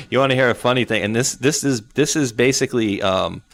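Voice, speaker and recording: A man's voice: medium pitch, a little fast, creaky, a bit bright. A man hosting a livestream show, chatting casually and telling rambling, jokey stories.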